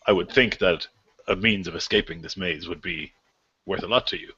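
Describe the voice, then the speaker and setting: A man voicing a grave male guardian of an ancient maze people, speaking slowly and formally. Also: low-pitched, pushed and bright, husky, dull audio, exaggerated voice. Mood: bargaining.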